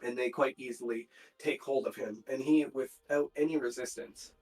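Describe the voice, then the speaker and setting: Man game master, mid pitch, halting, filler-filled narration. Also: steady tone, a little mellow, faint music behind, poor audio.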